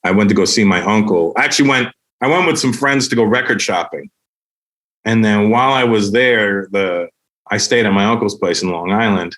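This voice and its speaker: A middle-aged man, a comedian guest, casually telling animated stories and laughing as he goes. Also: lowish voice, fairly quick. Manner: animated, acts out other people's voices with laughs. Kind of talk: casual storytelling anecdotes.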